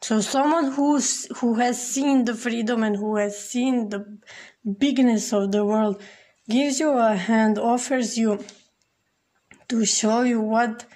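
A woman giving a casual tarot reading to the camera, speaking slowly and addressing the viewer directly. Her voice sits slightly high. Her talk is loose, full of "like" and "you know". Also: steady tone, warm tone. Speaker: tarot reader.

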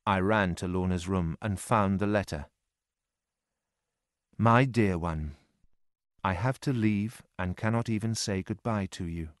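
A man reading a first-person novel aloud as an audiobook for English learners, in a steady storytelling voice. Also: low voice, a little slow, pauses often, dry recording, clean studio sound. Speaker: narrator.

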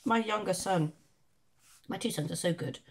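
A woman, a singer who is a guest on a podcast, telling a story in an animated way, swearing and laughing in casual chat. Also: lowish voice, moderate pace.

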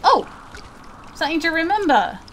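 A woman's voice: extremely high pitch, big pitch swings, normal speed, a bit bright, slight background noise. A woman giving casual let's play commentary, chatting to viewers and swearing at game characters.

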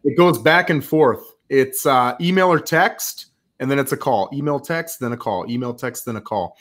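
A man speaking as a podcast guest, a real estate agent explaining his follow-up routine in an energetic, rambling way. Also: mid-range voice, normal speed. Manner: energetic, rambling, acts out quoted calls. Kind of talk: conversational interview.

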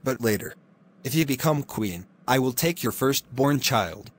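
A man's voice: medium pitch, lively intonation, unhurried. A man voicing a sly, smug little imp who teases as he bargains.

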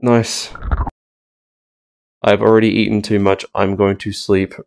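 A man's voice: on the low side, level tone, unhurried, vocal fry, a little mellow, slight background noise. A man commentating a game he is playing, sarcastic and baffled, often laughing. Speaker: gaming YouTuber. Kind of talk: let's play commentary.

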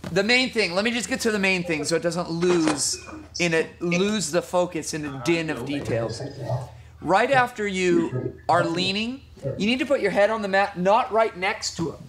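A man's voice: high-pitched, animated, unhurried, noisy background. A man teaching a jiu-jitsu class over a video call, teasing students between technique corrections. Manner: joking, teasing coach giving technique corrections. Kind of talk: online class instruction.

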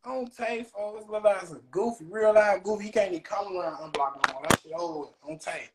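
A young Chicago man with a Chicago accent rants and taunts on a casual livestream, his talk packed with street slang. He talks fast in a high-pitched voice, over faint background noise.

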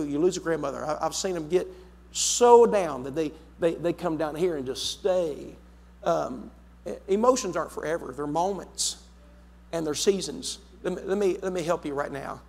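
A man preaching a sermon as pastor, emphatic, repeating his words and swinging between loud and soft. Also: a little high, gravelly. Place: church sanctuary. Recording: long hall reverb in a church.

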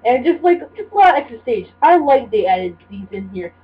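Fairly high-pitched and very animated, this young woman talks briskly while gaming for a let's play. Her chatter wanders and overflows with fillers and restarts, and the audio is lo-fi and dull with a light hiss.

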